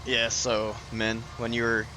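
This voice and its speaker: A man hosts a casual live stream in a monotone, mid-range voice, speaking a little slowly. He chats with viewers by name and laughs often, with background noise in the recording.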